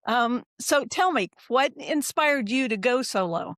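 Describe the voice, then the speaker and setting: A woman's voice: fairly high pitch, lively intonation, measured pace, a bit bright, no room sound, clean studio sound. A woman hosting a podcast interview, asking her guest questions in an upbeat way. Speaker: podcast host.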